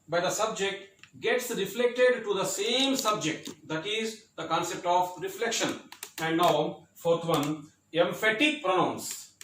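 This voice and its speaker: A man teaching a grammar lesson in a classroom, repeating words and pausing with fillers as he explains step by step. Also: high voice, a bit bright, slight background noise. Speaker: English teacher. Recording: roomy echo, from far off.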